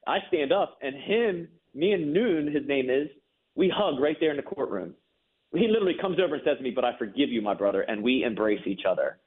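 Heard over a phone line, a man with a fairly high, very animated, brisk voice tells his story as a guest in a faith interview. He is earnest and emphatic, repeating words whenever he is moved.

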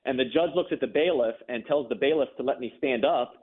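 Over phone-line audio, a man with a brisk, mid-range voice shares his personal story as a guest in a faith interview. He speaks earnestly and emphatically, repeating words when emotion takes hold.

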